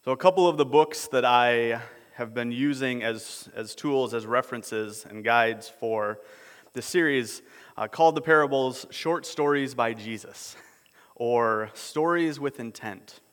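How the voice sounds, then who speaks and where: A man preaching a sermon as a pastor, in a relaxed, conversational way, often repeating words as he restarts. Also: mid-range voice, measured pace, clean tone. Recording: long hall reverb.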